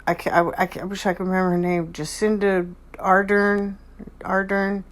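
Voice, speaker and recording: A woman's voice: medium pitch, little pitch movement, moderate pace. A woman hosting her own channel, rambling and repeating herself as she comments on someone else's speech in video clips. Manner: rambling and repetitive, analyzing others' speech.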